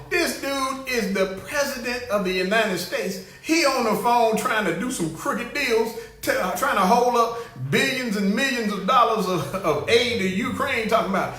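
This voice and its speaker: A man hosting a comic live show, animated and laughing as he greets viewers by name. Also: high voice, moderate pace. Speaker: show host. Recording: roomy echo.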